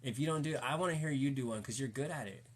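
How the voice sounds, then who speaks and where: Casual streamer, male, mid-pitched, slangy and profane, rambles and preaches with fired-up energy. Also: very fast.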